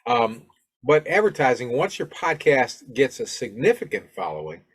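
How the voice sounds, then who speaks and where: A man's voice: medium pitch, big pitch swings, normal speed, slightly rough. A middle-aged man from Alabama hosting his own podcast, talking casually and rambling, with many fillers and restarts. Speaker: podcast host. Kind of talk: casual solo podcast talk.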